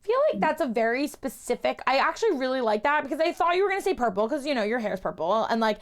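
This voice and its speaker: Bubbly high-voiced New York woman. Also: animated, quick pace. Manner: bubbly, exclaiming, laughs often. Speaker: podcast host. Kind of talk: casual chat.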